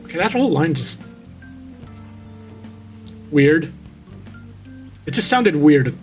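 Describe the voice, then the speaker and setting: A man's voice: on the high side, very animated, takes it slowly, pauses often, faint music behind. A man reading a creepypasta aloud and mocking it with sarcastic, casually profane commentary.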